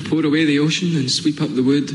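An actor playing a grieving young man who slowly and solemnly recites a funeral poem for his partner in a film, in a roomy space with traffic noise. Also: fairly high pitch, steady tone, lightly acted. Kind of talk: film drama acting.

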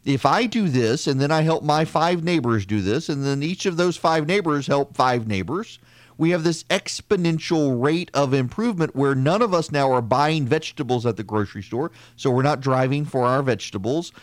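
A man's voice: medium pitch, lively intonation, normal speed, no room sound. A man hosting a political podcast, delivering an opinionated, conversational monologue with frequent restarts and sarcastic asides. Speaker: podcast host.

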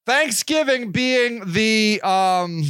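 A man's voice: high voice, lively intonation, drawn-out words, fairly bright tone, smooth, dry recording. A man hosting a solo podcast, rambling and swearing as he loses his thread. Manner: rambling, profane, self-interrupting. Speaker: podcast host.

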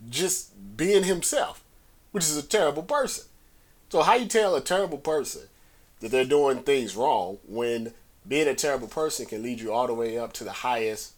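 A man holding forth on his podcast in loose, rambling talk. His pitch sits in the middle for a man. He circles back over his points and lifts his voice when he wants one to land. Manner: conversational, talks in circles, rising emphasis on key points. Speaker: podcast host. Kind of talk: casual solo commentary.

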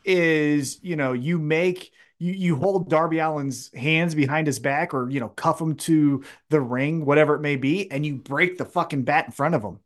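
A man's voice: on the high side, normal speed, few pauses. A man co-hosting a casual wrestling podcast, talking animatedly with plenty of swearing and acting out quotes in raised voices. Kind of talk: casual chat.

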